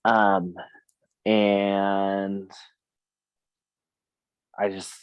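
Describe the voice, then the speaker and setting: A man's voice: low voice, monotone, extremely slow, clear, resonant tone, dry recording, dull audio. A man in a past-life regression session, casually recounting what he sees. He laughs often and acts out the people he quotes. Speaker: regression client.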